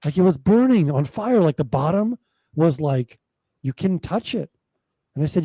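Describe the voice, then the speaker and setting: A man in casual livestream chat who talks quickly and laughs often. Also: a little high, animated, mellow, breathy edge, no echo, poor audio. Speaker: podcast co-host. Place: home, on a livestream. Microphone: video call.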